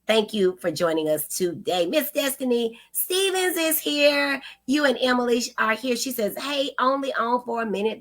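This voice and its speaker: A woman hosting a casual livestream, effusively greeting viewers by name and calling them honey and girl. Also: mid-range voice. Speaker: livestream host.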